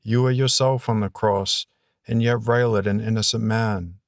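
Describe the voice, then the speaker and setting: A man's voice: lowish voice, steady tone, moderate pace, no echo, clean studio sound, lightly acted. A man reading the lines of a repentant condemned robber in an audiobook, earnest and grave. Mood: rebuking. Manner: earnest, rebuking then pleading.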